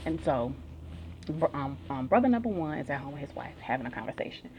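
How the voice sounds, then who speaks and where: Low-voiced woman giving a casual pep talk. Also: big pitch swings, fast talker, a little mellow, slight background noise. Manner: slangy, chatty storytelling with everyday examples. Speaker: motivational speaker. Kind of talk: casual self-help talk.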